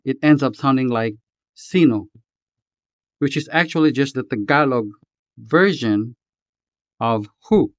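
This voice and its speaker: A man narrates a pronunciation lesson at an unhurried pace, carefully breaking words into syllables. His voice is smooth and resonant. The recording is dry and close, with a slightly muffled, lo-fi tone. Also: mid-range voice, no echo. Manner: slow, deliberate, enunciating example words syllable by syllable. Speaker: language tutor. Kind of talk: scripted instructional narration. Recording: slightly dull, dry voice-over.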